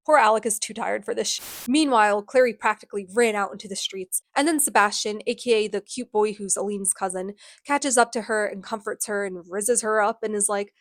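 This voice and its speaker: A woman's voice: medium pitch, brisk, dry recording. A woman giving a sarcastic, dramatic recap of a book series, in casual chat. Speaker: book reviewer.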